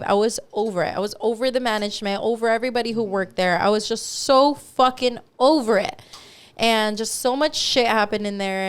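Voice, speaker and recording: A young woman co-hosting a podcast, telling a profane, animated story with acted-out quotes in casual chat. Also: medium pitch, smooth. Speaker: podcast co-host.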